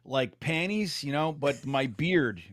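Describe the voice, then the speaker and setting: A man's voice: on the high side, animated, slow, noisy background. A man co-hosting a live stream, rambling and joking in loose banter with some swearing. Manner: rambling, swears, laughs often. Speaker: co-host. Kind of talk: casual banter.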